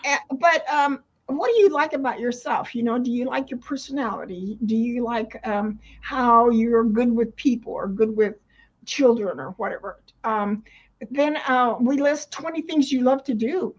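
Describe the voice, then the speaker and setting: A woman's voice: fairly high pitch, a little slow. An older woman, a retirement coach, talking casually in an interview, rambling with many restarts and frequent laughs. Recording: dull lo-fi sound.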